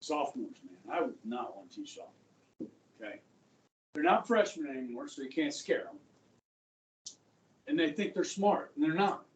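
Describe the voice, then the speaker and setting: A middle-aged man teaching a high school history class, chatting and joking, often checking in with his students. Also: lively intonation, normal speed, pauses often, a little hiss or hum. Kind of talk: classroom lecture. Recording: echoey classroom, voice from far off.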